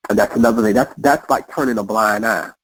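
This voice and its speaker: Podcast guest, male, husky, reflective repeater, dry close sound. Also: fairly low pitch, quick pace, no room sound, low-quality recording. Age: adult. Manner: reflective, repeats phrases, restarts often. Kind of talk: casual conversation.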